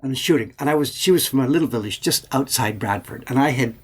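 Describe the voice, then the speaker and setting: A man's voice: mid-range voice, fast talker, breathy edge. Chatty Canadian-accented man telling stories. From England, Yorkshire. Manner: animated storyteller, acts out voices in anecdotes. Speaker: printmaker streaming host. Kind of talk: casual livestream chat.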